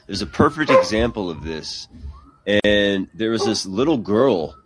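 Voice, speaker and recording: Low-voiced rambling young man. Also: very animated, measured pace, background noise. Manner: rambling, filler-heavy. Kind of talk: casual chat.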